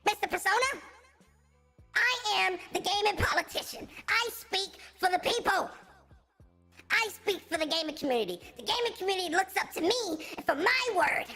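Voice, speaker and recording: A man's voice: very high voice, sharp tone, voice pushed up, heavily acted. A man voicing a pompous, preachy male politician who is easily angered. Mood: indignant.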